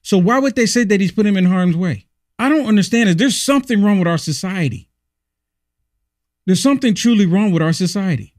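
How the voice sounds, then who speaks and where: A man's voice: sits high, lively intonation, a little fast, darkish tone, no echo, studio quality. A man hosting his own political commentary show, talking heatedly and repeating rhetorical questions. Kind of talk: opinion monologue.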